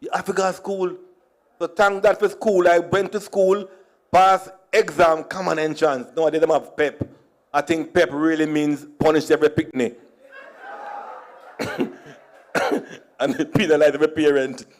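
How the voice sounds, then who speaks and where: Jamaican man, higher-pitched, playful conference speaker who slips into Creole and acts out dialogue. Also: little pitch movement, measured pace, long pauses. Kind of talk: humorous storytelling speech. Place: conference hall.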